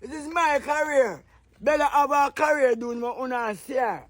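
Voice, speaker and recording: A man doing boisterous comic patois banter and joking loudly. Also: very high-pitched, normal speed. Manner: boisterous, jokey, repeats "yeah, man".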